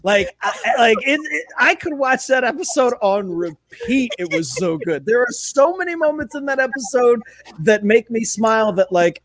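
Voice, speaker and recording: A man co-hosting a casual podcast, ranting excitedly with lots of swearing. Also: very high-pitched, normal speed. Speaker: podcast co-host. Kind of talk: casual chat.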